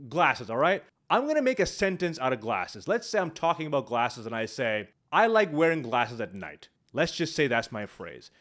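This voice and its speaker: A man's voice: fairly high pitch, fairly bright tone. A man teaching speaking skills on video, walking through examples on the spot, recorded on a large studio microphone at his home setup. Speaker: speaking coach. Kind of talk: instructional YouTube talk.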